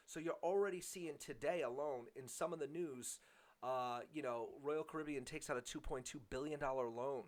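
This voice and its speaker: A man talking casually to his viewers in a chatty vlog style, with lots of fillers and some self-mocking humor. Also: mid-range voice. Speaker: vlogger.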